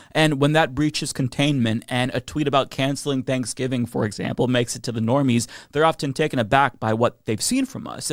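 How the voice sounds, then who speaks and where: A man's voice: medium pitch, no echo, clean studio sound. Earnest man giving blunt political commentary. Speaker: commentator in a played clip.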